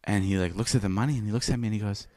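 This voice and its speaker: A man's voice: on the low side, racing, a little mellow, dry recording, studio quality. Rambling young man telling a story. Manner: rambling, repeats words, swears freely. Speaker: podcast co-host. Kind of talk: casual storytelling chat.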